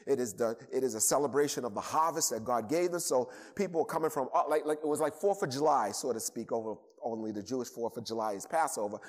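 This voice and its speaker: Man, Boston accent, sermon, emphatic repetition, a bit high-pitched, long reverb. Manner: emphatic, repeats words for emphasis. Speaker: pastor.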